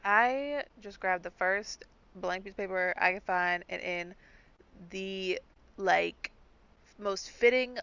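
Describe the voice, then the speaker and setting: A woman's voice: medium pitch, takes it slowly, creaky, clear, resonant tone, no room sound, muffled recording. A woman player in an online tabletop game, talking casually and swearing freely. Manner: profane, animated.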